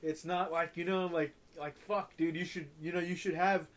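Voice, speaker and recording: A man's voice: on the high side, flat delivery, a bit bright. A young man from Southern California, co-hosting a podcast, rambling with restarts and heavy swearing. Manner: rambling, profane, halting restarts. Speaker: podcast co-host. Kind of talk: casual chat.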